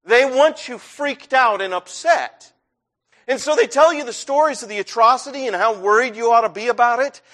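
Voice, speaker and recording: A middle-aged man delivers a sermon in a church with a notably high voice. He speaks conversationally, pressing harder at times, as a pastor addressing his flock. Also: normal speed, a bit bright. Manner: conversational, rising to intense. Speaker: preacher.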